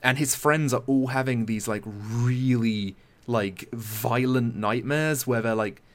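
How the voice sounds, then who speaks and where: A man's voice: medium pitch, takes it slowly. Young man telling a horror story animatedly. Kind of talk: casual chat.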